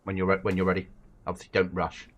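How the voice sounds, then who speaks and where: A man's voice: low-pitched, monotone, fast talker, a little hiss or hum. A man chatting casually and swearing while livestreaming a survival game with friends. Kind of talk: casual gaming chat.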